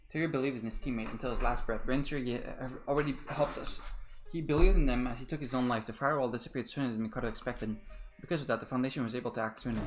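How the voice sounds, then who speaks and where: Male let's player: quick, flat-out dialogue reading at a middle pitch, with blunt remarks thrown in. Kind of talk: reading game dialogue aloud.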